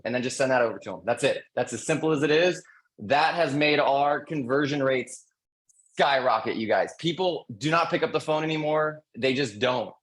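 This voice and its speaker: A man who is a real estate agent, presenting call scripts on a panel webinar in an energetic coaching manner, repeating his key points. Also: mid-range voice, moderate pace, rough recording.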